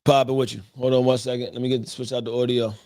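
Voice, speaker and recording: A man's voice: mid-range voice, flat delivery, fast talker, darkish tone. A man hosting a casual livestream talk show, loose and slangy, half-singing his intro. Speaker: host.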